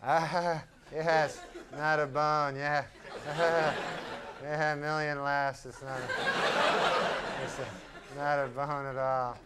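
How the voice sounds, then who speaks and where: A man voicing a dog who is let down by a rubber toy bone, muttering dryly, with loud audience laughter behind. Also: a little high, little pitch movement, slow pace, long pauses, heavy background noise. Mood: unimpressed.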